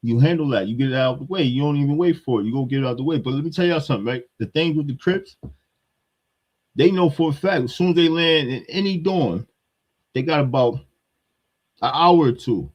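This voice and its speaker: A man's voice: mid-range voice, lively intonation, a little fast, lo-fi sound. A man with a New York accent, giving a blunt, heated hip-hop commentary rant that repeats its points.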